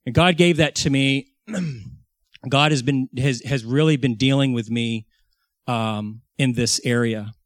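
An earnest man in his forties delivers a sermon, retelling a vision and his prayers to God. He often restarts and repeats words mid-sentence, and his voice sits at a middle pitch. The recording is dry and close. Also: takes it slowly, no echo. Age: 40s. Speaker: pastor.

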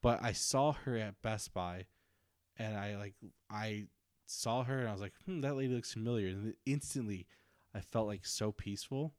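A man's voice: lowish voice, unhurried, no room sound, studio quality. A young man co-hosting a podcast, telling stories in a rambling way, full of "like", acting out quotes. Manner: rambling storyteller, heavy on "like", acts out quotes. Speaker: podcast co-host. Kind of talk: casual chat.

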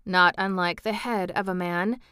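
Woman reading a storybook, smooth and dry. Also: lowish voice, no echo. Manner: even, measured reading. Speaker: narrator. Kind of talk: storybook audiobook narration.

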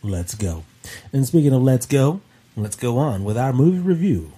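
A man co-hosting a casual movie review podcast, reading facts from his notes in an even-tempered way. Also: mid-range voice, normal speed, breathy edge. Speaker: podcast co-host.

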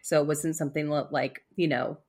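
A woman's voice: low voice, fairly even intonation, a little fast, a little mellow, husky. A woman casually telling a spooky story on a podcast, rambling with fillers and restarts. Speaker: storyteller co-host.

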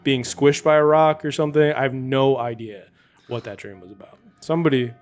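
A man in a casual podcast chat, describing a recurring dream slowly and haltingly with lots of fillers. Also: mid-range voice, soft background music. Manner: slow, halting, many fillers. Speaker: podcast host.

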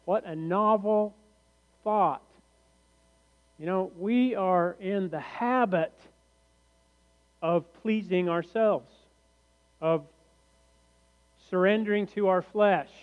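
A male pastor preaching a sermon in a church sanctuary, slow and deliberate, often posing rhetorical questions to the congregation. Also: sits high. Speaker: teaching pastor. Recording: reverberant hall, muffled lo-fi sound.

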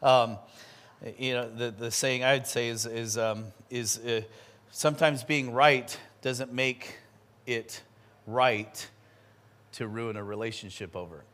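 A man, a pastor, preaching a sermon and telling a personal story in a lively, chatty way. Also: medium pitch. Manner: animated storytelling with quick asides.

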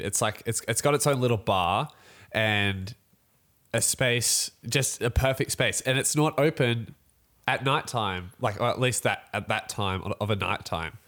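A young man, telling a story in a casual podcast chat and acting out other people's voices as he goes. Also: lowish voice. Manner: animated storytelling, quick laughs, acts out voices.

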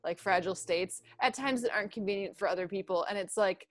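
A woman's voice: medium pitch, quick pace, a little hiss or hum. A young woman guest on a podcast, talking reflectively and openly about her feelings in casual chat. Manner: reflective, open, speaks candidly about feelings.

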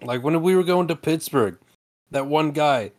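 A man's voice: fairly high pitch, normal speed, a little mellow. A man co-hosting a podcast, teasing his friend in casual chat and laughing often. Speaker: podcast co-host.

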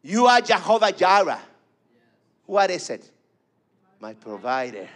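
A man's voice: sits high, sing-song, a little slow. A man preaching a fervent sermon, repeating phrases and calling for responses.

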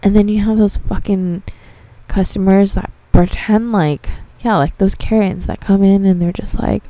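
A woman's voice: mid-range voice, fairly even intonation, normal speed, mellow, no room sound. A young woman, a dispensary receptionist, telling casual stories about her customers, cursing freely and laughing as she goes. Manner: profane, laughing, exasperated storytelling. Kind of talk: casual storytelling monologue.

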